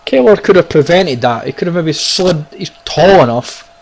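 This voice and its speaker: A man giving casual, excitable commentary on his own football video game, talking to viewers as guys and lads. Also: on the high side, moderate pace, rough recording. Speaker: gaming YouTuber. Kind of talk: casual live gameplay commentary.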